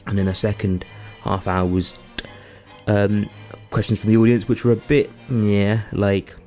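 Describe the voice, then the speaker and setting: A man's voice: lowish voice, fairly even intonation, measured pace, mellow, soft background music. A man, co-hosting a podcast and rambling through a story with lots of fillers. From England. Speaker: podcast co-host. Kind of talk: casual chat.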